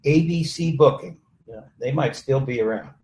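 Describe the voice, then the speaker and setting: A male host and musician sharing a story in casual conversation, halting and full of pauses. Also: mid-range voice, gravelly. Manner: relaxed, halting, with many "uh" pauses. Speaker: host, also a touring musician. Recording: roomy sound with faint background noise.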